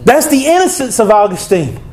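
A man's voice: very high-pitched, very animated, fairly quick, darkish tone. A male pastor preaching a sermon in an emphatic, conversational way, with frequent asides and call-outs to his congregation.

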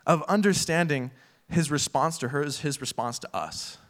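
A man's voice: on the high side, moderate pace, fairly bright tone. A young man preaching a casual sermon full of fillers, acting out little quoted voices as he talks.

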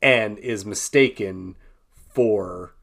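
A young man co-hosting a film podcast, chatting casually with quick asides. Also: lowish voice, creaky, a bit bright. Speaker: podcast co-host.

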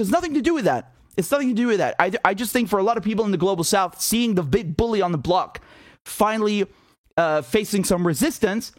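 A man's voice: high-pitched, dry recording, clean studio sound. A man giving a blunt, mocking political monologue, laughing often and swearing. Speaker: political commentator. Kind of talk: casual opinion monologue.

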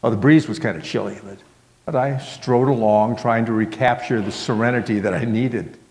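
A man's voice: mid-range voice, normal speed, darkish tone. A male pastor telling a story in a sermon, in a folksy way that fills it with "well" and "kinda". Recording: long hall reverb.

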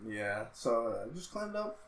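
A young man co-hosting a podcast, telling a story in a lively, joking way. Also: mid-range voice, unhurried, slight background noise, poor audio. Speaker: podcast co-host. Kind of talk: casual chat.

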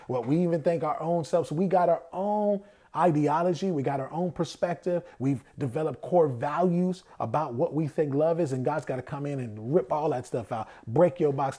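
Mellow-voiced man preaching conversationally. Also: a little high. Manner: asks rhetorical questions and answers them himself; acts out quoted voices. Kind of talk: conversational sermon.

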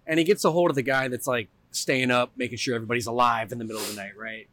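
A male podcast co-host tells a story in casual chat, voicing the people in it and laughing often. He speaks briskly in a mid-range, sing-song voice and pauses often.

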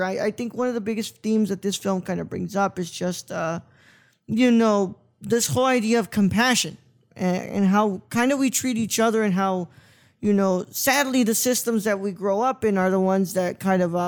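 A podcast host in casual film talk, earnest and often searching for words mid-sentence. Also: mid-range voice.

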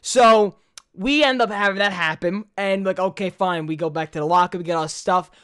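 A young man co-hosting a podcast, telling a long story in a profane, rambling way, his voice jumping up when he gets excited. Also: high voice, normal speed, clean tone. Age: young adult. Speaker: podcast co-host. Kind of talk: casual chat.

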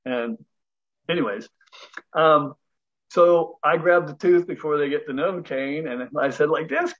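A man's voice: fairly high pitch, a little slow, a bit bright. A middle-aged man telling a personal story in a casual interview, laughing between lines and acting out the voices of the people in it. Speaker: guest breathwork teacher. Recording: dull lo-fi audio.

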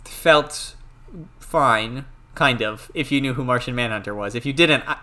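A man's voice: medium pitch, a little slow, bright, forceful tone. A young man co-hosting a podcast, talking casually and animatedly about a film, sharing trivia and acting out mock quotes. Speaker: podcast co-host. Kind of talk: casual movie discussion.

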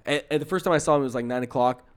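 A young man co-hosting a podcast, telling an exasperated story in a casual, animated way, full of fillers. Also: mid-range voice, racing, clean tone. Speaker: podcast co-host.

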